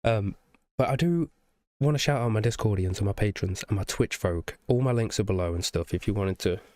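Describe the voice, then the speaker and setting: A man's voice: on the low side, brisk, a little mellow, dry recording. A young man with a nasal, congested voice from the flu, chatting casually and enthusiastically in a rambling reaction. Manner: rambling, swearing, enthusiastic, fond of "you know what I mean?". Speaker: music reaction YouTuber.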